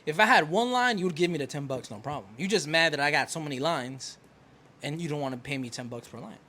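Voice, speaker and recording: A man's voice: a little high, expressive, fast talker, sharp tone, a little hiss or hum. A young man co-hosting a podcast, telling a story in casual chat, swearing freely and acting out his arguments with a phone company. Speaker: podcast co-host.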